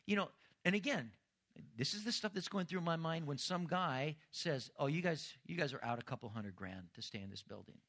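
A man's voice: a little high, a bit bright. A middle-aged man preaching a sermon as pastor, earnest and rising to emphatic intensity.

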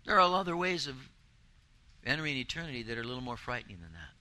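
A man's voice: medium pitch, very animated, quick pace, sharp tone, low-quality recording. A man preaching a sermon, earnest and emphatic, building intensity with repeated phrases. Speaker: pastor.

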